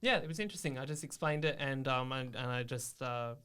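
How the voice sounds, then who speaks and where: A man speaking as a guest on a podcast. His voice is smooth and clear, and he talks things through in a thoughtful, reflective way. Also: medium pitch, animated, a little fast, bright, forceful tone. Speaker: podcast guest, digital media worker. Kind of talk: casual interview chat.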